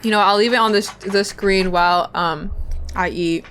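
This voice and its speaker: A woman's voice: mid-range voice, fairly even intonation, normal speed, a bit bright. A young woman streamer chatting casually with her viewers, rambling and giggly, talking while she eats.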